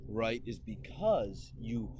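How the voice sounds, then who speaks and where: Young male podcast host, lively storyteller, faint noise, acts out voices. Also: fairly low pitch, slow. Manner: animated storyteller, acts out quotes, swears freely. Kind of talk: casual podcast chat.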